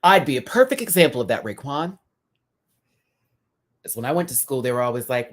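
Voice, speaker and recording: A man hosting a casual live review. He talks in a sassy, chatty way, full of drag slang and quick laughs. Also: animated. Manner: laughs often, dramatic pitch swings. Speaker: host reviewing a TV episode live.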